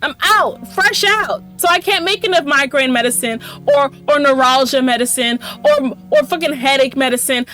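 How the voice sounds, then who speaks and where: A woman's voice: sits high, expressive, moderate pace, few pauses, bright, forceful tone, faint music behind. A woman giving gameplay commentary, swearing freely, ranting sarcastically and talking back at the game's characters. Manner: talks to the game characters. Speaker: let's play host.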